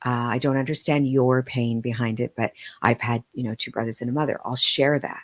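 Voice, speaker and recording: A middle-aged woman, a guest on a podcast, telling personal stories in an earnest, heartfelt way with halting restarts. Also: a bass voice, fairly even intonation. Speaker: podcast guest, medium and author. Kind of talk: emotional personal storytelling.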